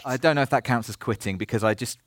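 A man's voice: medium pitch, fast talker, background noise. A man hosting a live podcast on stage, joking and laughing as he talks. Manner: jokey, animated, laughs a lot. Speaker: podcast host. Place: stage before a live audience.

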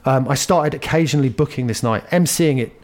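A man, a comedian telling lively anecdotes with laughs in a casual interview. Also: medium pitch, quick pace. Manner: animated, anecdotal, laughs while telling stories. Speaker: guest comedian.

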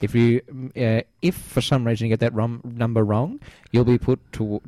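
A man co-hosting an improvised comedy radio parody, rambling in a deadpan way. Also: mid-range voice, normal speed, dry recording, clean studio sound. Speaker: co-host.

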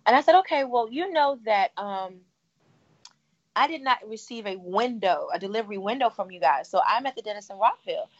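A woman co-hosting a podcast tells a story to her friends at a slightly fast clip, her medium-pitched voice full of lively intonation. In this casual chat she mimics the people she's quoting, over audio that's a bit dull.

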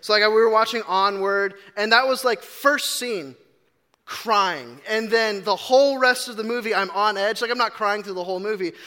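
A man with a high, bright voice delivers a relaxed sermon full of personal stories. He talks in a chatty, self-deprecating way, stumbling through ums and restarts. His voice carries a long reverb, as if recorded in a large church hall. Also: normal speed. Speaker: preacher. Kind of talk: casual storytelling sermon.

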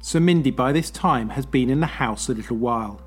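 An English man narrating a true crime podcast in a measured, explanatory manner. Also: mid-range voice, breathy edge, faint music behind. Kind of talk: scripted narration.

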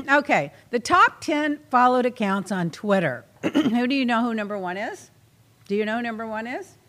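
A woman's voice: a little high, animated, normal speed, fairly bright tone. A woman hosting a casual chat show, chatty and opinionated, laughing as she reads out jokes. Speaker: host.

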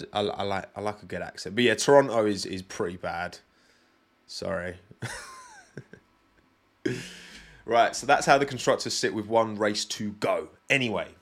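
A young British man with a British accent hosting a podcast, chatting loosely and directly to his live audience with plenty of self-deprecating asides. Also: fairly low pitch. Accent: British English. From Britain. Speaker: podcast host. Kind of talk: casual solo chat with live chat.

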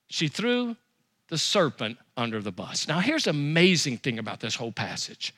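A man preaching a sermon as pastor, with emphatic repetition and quick rises and drops. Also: high-pitched, big pitch swings, sharp tone.

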